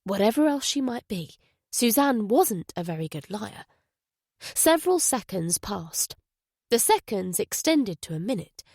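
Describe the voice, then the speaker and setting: A woman narrating a thriller audiobook in a measured, even way. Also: mid-range voice, no echo, studio quality. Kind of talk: scripted narration.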